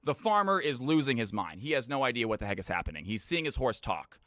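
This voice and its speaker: A man's voice: medium pitch, sing-song, fast talker, fairly bright tone, no room sound, studio quality. Casual young man streamer telling jokes. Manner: loose, rambling, laughs at own jokes.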